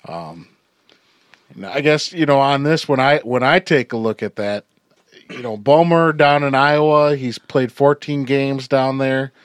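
A man hosts a laid-back sports podcast, rambling through stories with plenty of fillers and easy laughter. His voice sits at an ordinary middle pitch. The sound is dry and close to the mic. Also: a little slow, clear, resonant tone, no echo. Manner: chatty, laughs often, many fillers. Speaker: podcast host. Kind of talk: casual sports podcast chat.

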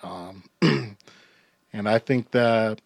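A man's voice: lowish voice, extremely slow, creaky, no room sound. A man hosting a casual hockey podcast, chatty, with frequent laughs and fillers. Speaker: podcast host. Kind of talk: casual sports podcast chat.

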